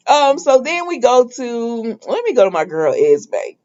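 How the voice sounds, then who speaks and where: A woman's voice: fairly high pitch, very animated, measured pace, a little mellow. Chatty woman recapping soaps, lo-fi. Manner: chatty, retells scenes in quoted dialogue with her own asides. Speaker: soap opera recap host. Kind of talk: casual soap recap. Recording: dull lo-fi sound.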